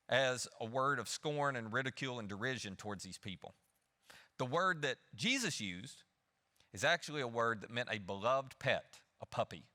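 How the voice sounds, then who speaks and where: A man preaching a sermon, lively, acting out the people he quotes. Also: medium pitch. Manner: animated, acts out the people he quotes. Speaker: pastor. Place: church hall. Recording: long hall reverb.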